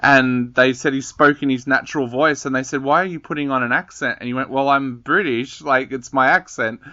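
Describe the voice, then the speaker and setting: A man's voice: mid-range voice, steady tone, a little fast, pushed and bright. A male interviewer asking long, rambling questions in a casual interview, with restarts and some laughter. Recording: dull lo-fi sound.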